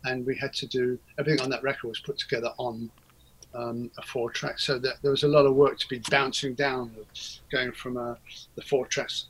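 A man's voice: medium pitch, little pitch movement, fairly quick, a bit bright, a little hiss or hum, low-quality recording. A man, a guest in a casual interview, talking in a rambling, hesitant way with many fillers and restarts. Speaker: interview guest, record producer.

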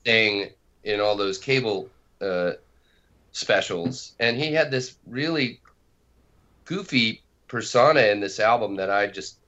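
A man with a low, bright and forceful voice talks in a loose, chatty way. He laughs easily and pokes fun at himself as the conversation rolls along. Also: animated, takes it slowly, dull audio. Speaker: co-creator and podcast guest. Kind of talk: casual conversation.

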